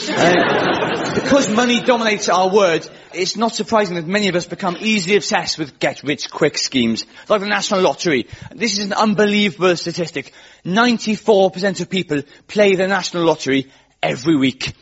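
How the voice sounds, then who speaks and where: High-voiced comedian, chuckling. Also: male voice, a little hiss or hum. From Wales. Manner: chatty, self-mocking, laughs at his own jokes. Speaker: comedy radio host. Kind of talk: stand-up comedy before a studio audience. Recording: lo-fi radio recording with studio audience.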